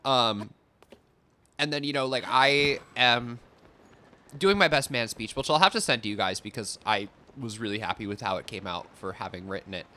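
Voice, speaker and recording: A man's voice: mid-range voice, moderate pace, pushed and bright. A young man chatting casually while he streams a game, rambling with many fillers and swearing now and then at what happens on screen. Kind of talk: casual chat while gaming.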